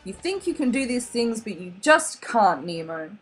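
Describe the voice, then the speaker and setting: An anxious, overprotective father clownfish, stern and worried in every word, as a woman reads him out. The voice runs a little higher than hers and swings widely in a storybook reading. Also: big pitch swings, normal speed, breathy edge, faint music behind.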